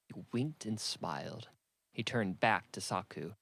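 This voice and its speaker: A man narrating an audiobook in an even, matter-of-fact reading. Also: on the low side, a little slow, gravelly, husky, dry recording. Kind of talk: scripted narration.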